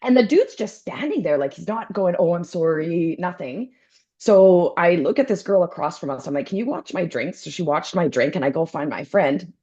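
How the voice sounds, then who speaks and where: A woman co-hosting a podcast, telling a story with energy and acting out the other people's voices, with some throat-clearing. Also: fairly low pitch, lively intonation, normal speed, warm tone, dull audio. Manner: acts out voices in her anecdotes, keeps clearing her throat. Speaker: podcast co-host. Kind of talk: animated storytelling chat.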